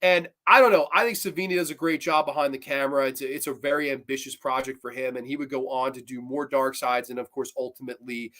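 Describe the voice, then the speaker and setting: A man hosting a horror review show, chatting casually, excitable and swearing freely. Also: mid-range voice, fast talker, few pauses. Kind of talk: casual livestream chat.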